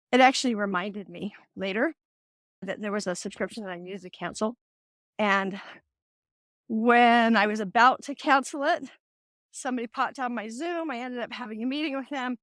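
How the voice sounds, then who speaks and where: A woman's voice: fairly high pitch, moderate pace, pauses often, fairly bright tone, no room sound, studio quality. A middle-aged woman hosting a casual faith-based talk, telling stories with animation and acting out the voices she quotes. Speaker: host.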